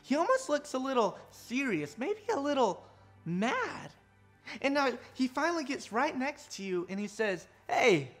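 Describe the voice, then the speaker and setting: Woman, kids' church preacher, animated storytelling, lively pitch, faint music behind. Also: moderate pace. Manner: animated storytelling, addresses kids directly. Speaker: children's pastor.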